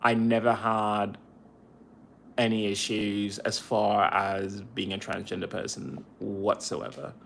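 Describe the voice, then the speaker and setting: A man, a veteran podcaster, talking on a cell phone in a casual livestream monologue, halting and repeating phrases as he vents. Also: on the low side, flat delivery, gravelly, a bit bright, slight background noise.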